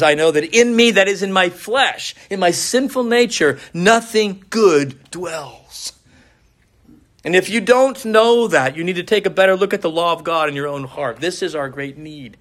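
A pastor preaches earnestly and searchingly in a fairly bright voice that sits a little high for a man. He often restarts phrases as he reasons aloud and quotes scripture.

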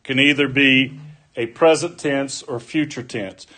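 A man preaching a sermon, deliberate and folksy, mixing scripture with homespun stories. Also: medium pitch, pushed and bright.

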